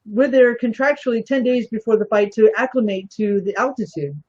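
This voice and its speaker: A woman's voice: fairly high pitch, brisk, a little mellow, husky, muffled recording. A woman guest telling a story in casual talk, animatedly acting out the voices of the people she quotes.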